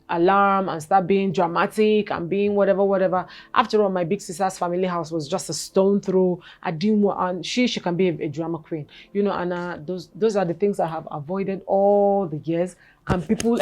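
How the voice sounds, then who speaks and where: She speaks at medium pitch: a woman in her forties, interviewed as a guest, telling her personal story with halting, repeated words before she becomes animated.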